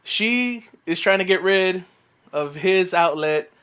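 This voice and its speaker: A man's voice: sits high, expressive, takes it slowly, fairly bright tone, clean tone. A man co-hosting a casual podcast, joking crudely and calling people bro. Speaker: podcast co-host.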